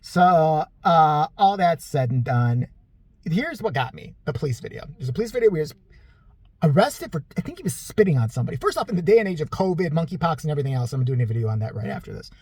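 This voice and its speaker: A blunt, profane vlogger ranting in sarcastic commentary. The husky voice swings widely in pitch, and the recording is dry and close. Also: very animated, quick pace, darkish tone, dry recording.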